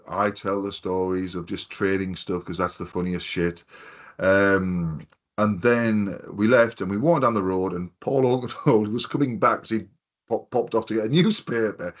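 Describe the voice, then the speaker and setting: A man with a Hartlepool accent from North East England, hosting a casual podcast and telling long, rambling stories with plenty of swearing. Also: lowish voice. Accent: North East English, Hartlepool. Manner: rambling anecdotal storyteller, swears freely. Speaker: podcast host. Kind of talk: casual chat.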